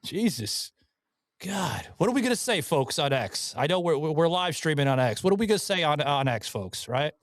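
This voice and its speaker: Dude on a podcast, swears a lot and laughs, slightly high voice, dry studio sound. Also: male voice, very animated, normal speed, no room sound. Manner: profane, laughing, banter. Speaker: podcast co-host. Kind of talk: casual political chat.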